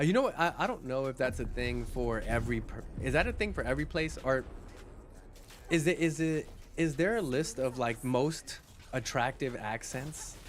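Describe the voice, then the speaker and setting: A man's voice: medium pitch, a little hiss or hum. A man livestreaming, chatting casually with his viewers, reading chat aloud and often restarting his sentences.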